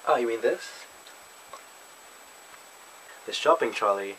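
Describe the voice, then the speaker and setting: A man's voice: mid-range voice, expressive, slow, fairly bright tone, a little hiss or hum, poor audio. A young man from Australia with an Australian accent, casually reading a word list and answering questions with playful, self-mocking asides. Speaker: vlogger. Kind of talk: casual accent tag video.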